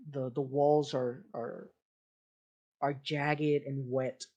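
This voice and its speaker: A game master narrates a tabletop scene at an unhurried pace. The narration is descriptive and improvised, full of fillers and self-corrections. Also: mid-range voice, flat delivery, a little mellow, lo-fi sound. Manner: descriptive, with frequent fillers and restarts.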